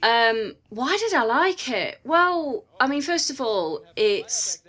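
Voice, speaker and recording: A woman's voice: sits high, big pitch swings, slow, a bit bright. A woman reviewing a game in a casual video chat, her voice stuffy and nasal from a cold, talking chattily with lots of fillers.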